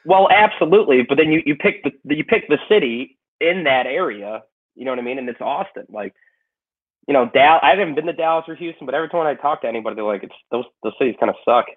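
A man's voice: fairly high pitch, lively intonation, quick pace. A man with a Chicago accent in a casual podcast chat, rambling with lots of "you know" and swearing. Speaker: comedian moving cities. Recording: tinny phone-like sound.

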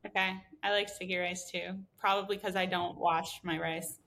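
A woman's voice: on the low side, level tone, moderate pace, a bit bright. A woman hosting a food podcast, upbeat and giggly in casual interview chat. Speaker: podcast host.

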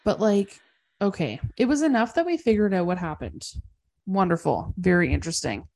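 A woman's voice: lowish voice, animated, moderate pace, creaky, a little mellow. A woman co-hosting a podcast, chatting casually and laughing as she recaps a TV episode. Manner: chatty, laughs often, quotes characters. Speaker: podcast co-host.

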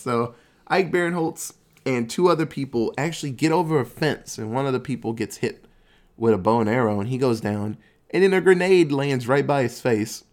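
A man casually recapping a movie plot, acting out the characters' quotes, swearing and laughing as he goes. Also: mid-range voice. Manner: animated storytelling, acts out quotes, swears, laughs.

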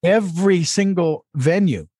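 A voice actor telling animated stories in a relaxed interview and dropping into character voices now and then. His voice sits a bit high with a husky edge. It is close and dry. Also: a little slow, no echo. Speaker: guest voice actor. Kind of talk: casual storytelling interview.

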